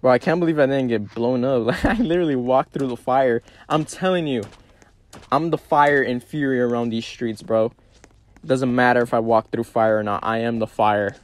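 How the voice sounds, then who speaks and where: A young man giving casual gameplay commentary, slangy and excitable, trash-talking other players as he plays. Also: medium pitch, normal speed. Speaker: gaming video creator.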